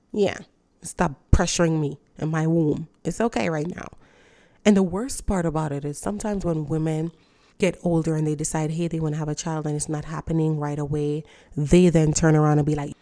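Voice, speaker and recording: A woman's voice: low-pitched, steady tone, normal speed, dark tone, no echo. A woman in her thirties ranting to camera in a casual vlog, blunt and emphatic, with frequent swearing. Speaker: vlogger. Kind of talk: casual morning rant to camera.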